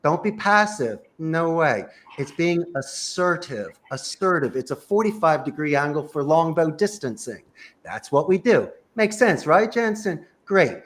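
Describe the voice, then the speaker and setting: A man with a high, lively voice that swoops up and down as he coaches. He fires off instructions and rhetorical questions with strong emphasis. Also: a little slow. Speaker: sales trainer. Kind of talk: animated coaching talk.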